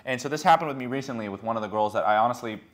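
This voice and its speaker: A man's voice: medium pitch, very fast. A young man lecturing a small group as a dating coach, telling blunt stories with lots of "like", often acting out what others said. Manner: frank, animated storytelling, acting out quotes, many "like"s.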